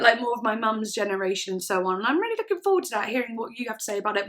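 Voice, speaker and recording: A woman's voice: a little high, a bit bright. A young woman chats enthusiastically as she reacts to music, sometimes singing along. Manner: chatty and enthusiastic, sings along to snippets. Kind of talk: casual reaction chat. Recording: music playing faintly behind the voice. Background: song playing in the background.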